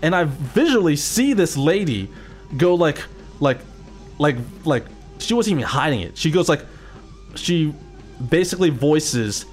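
Profane, animated man telling stories. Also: fairly high pitch, moderate pace, faint music behind. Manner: profane, animated storytelling with acted-out quotes. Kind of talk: casual chat.

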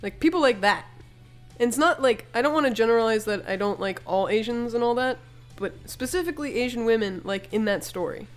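A woman co-hosting a casual podcast, with a voice pitched a little high. She talks her opinions through frankly, with faint music playing underneath. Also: expressive, brisk. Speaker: podcast co-host. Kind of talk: casual chat.

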